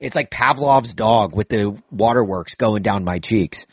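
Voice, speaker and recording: A man's voice: lowish voice, unhurried, slightly rough, no echo. A man chatting casually about football broadcasts, rambling with frequent restarts and fillers. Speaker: co-host. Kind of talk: casual sports chat.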